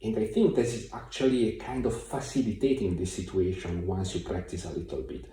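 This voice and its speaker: A man's voice: deep voice, steady tone, a little fast, dark tone. Man teaching piano in an echoey room. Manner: thoughtful, hesitant, many fillers. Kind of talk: piano tutorial. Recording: very echoey room, mic far off. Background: piano playing.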